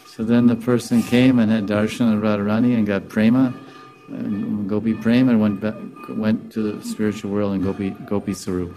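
A man tells a devotional story in a relaxed, rambling manner, with a gravelly, mellow voice. Faint music plays behind him. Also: on the low side, moderate pace.

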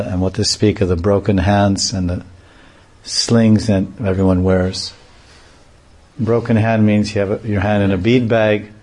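A man giving a devotional talk, telling humorous anecdotes and often chuckling. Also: low voice. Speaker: devotional preacher. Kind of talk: lecture with acted anecdotes.

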